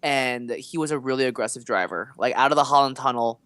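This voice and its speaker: Smooth-voiced man telling a casual story. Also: medium pitch, brisk, fairly bright tone, dry recording. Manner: rambling, full of fillers and asides. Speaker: podcast co-host.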